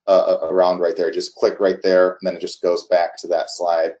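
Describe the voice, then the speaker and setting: Mellow-voiced man demoing software. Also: deep voice, monotone, highs cut off. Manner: halting, many restarts and fillers. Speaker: software demo presenter. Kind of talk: casual screen-share walkthrough.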